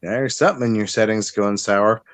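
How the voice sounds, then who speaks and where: A man's voice: lowish voice, steady tone, normal speed, no room sound. A man in his thirties in casual chat on a stream, making dry joking asides.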